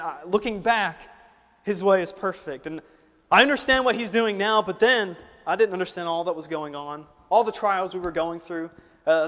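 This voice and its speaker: A young man delivers a sermon in a fairly high voice, building to loud, driving exhortation and then dropping to a quiet, emotional tone for his own story. His voice rings out with the long reverb of a church hall. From United States. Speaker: preacher. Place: church auditorium.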